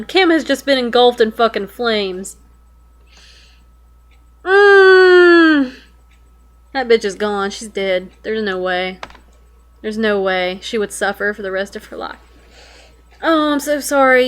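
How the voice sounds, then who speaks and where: Young woman, slightly high voice, reads a web story aloud and reacts with casual swearing and sudden alarm. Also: a bit bright. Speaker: web fiction reader reacting.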